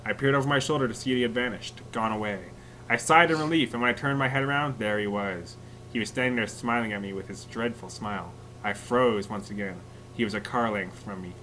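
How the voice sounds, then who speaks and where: A man's voice: fairly low pitch, fairly quick, sharp tone, slight background noise, low-quality recording. A man reading a scary story aloud to friends, often laughing and stopping to joke about it. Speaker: story reader.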